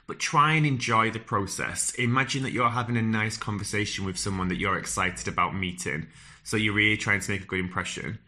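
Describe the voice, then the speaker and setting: Northern English man, lowish voice with a bright, forceful edge, earnest and direct advice delivery. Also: brisk. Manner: earnest, direct, fillers and restarts. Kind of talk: advice talk to camera.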